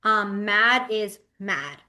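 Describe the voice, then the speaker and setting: A woman teaching a beginners' sign language class over a webcam, giggly and lively, acting out her examples with her voice. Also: mid-range voice, very slow. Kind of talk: online class instruction. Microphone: webcam mic on a video call.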